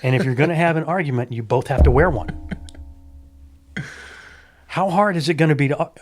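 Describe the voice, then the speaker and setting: Soft music plays behind a middle-aged stunt coordinator as he animatedly recounts stories in casual conversation, voicing the dialogue as he goes. His voice is fairly high and his pace a little fast.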